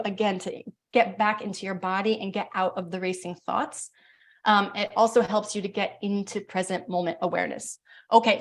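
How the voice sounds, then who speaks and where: A woman breathwork coach leading a live online workshop over a video call, talking fast when she explains and slowing to a soothing pace when she guides the breathing. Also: medium pitch. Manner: talks fast, then slow and soothing when guiding breaths.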